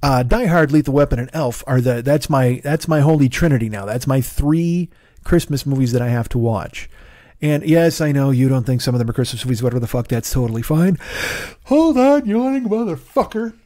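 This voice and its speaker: A middle-aged man hosting his podcast alone, with a hoarse, tired throat, rambling casually with profane, self-deprecating asides. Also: mid-range voice, brisk, mellow, dry recording. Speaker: podcast host. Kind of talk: casual solo podcast chat. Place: home studio in Los Angeles.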